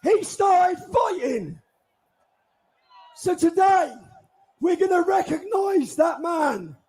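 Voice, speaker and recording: A man giving a forceful, indignant speech to a crowd at an outdoor street rally. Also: very high-pitched, big pitch swings. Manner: forceful, indignant, drawn-out delivery. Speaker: rally speaker.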